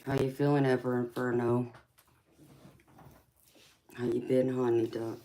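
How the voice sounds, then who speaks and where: A woman's voice: very deep voice, level tone, unhurried, background noise. A woman giving a live tarot reading and chatting with viewers, affectionate, calling people sweetheart and honey. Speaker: tarot reader.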